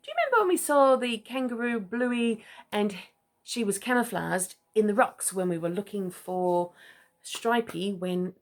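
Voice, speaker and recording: A woman reading a children's picture book aloud, stopping for gentle asides to the child listening. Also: mid-range voice, animated, measured pace. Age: older. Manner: gentle asides, chuckling often. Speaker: storybook reader.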